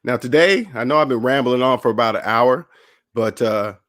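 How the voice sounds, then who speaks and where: A man hosts his own channel about personal finance, using a mid-range voice at normal speed. He's casual and motivating, and he animatedly performs other people's voices in the quotes that fill his stories.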